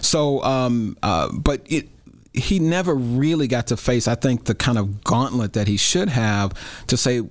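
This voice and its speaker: A man's voice: mid-range voice, expressive, unhurried, no room sound. A man, a radio reporter and guest, talking casually about city politics in a thoughtful, hesitant way with many fillers.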